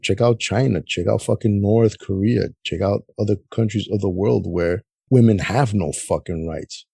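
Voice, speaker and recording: A man's voice: lowish voice, moderate pace, gravelly, dark tone, husky, no room sound, studio quality. A man co-hosting a podcast, talking politics bluntly with lots of swearing and a casual "man" in most sentences. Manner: blunt, heavy swearing, says "man" often. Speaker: podcast co-host.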